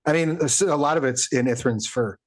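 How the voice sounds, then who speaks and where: Halting male game master. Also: medium pitch. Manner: halting, with many fillers while tallying damage. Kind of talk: running a tabletop game.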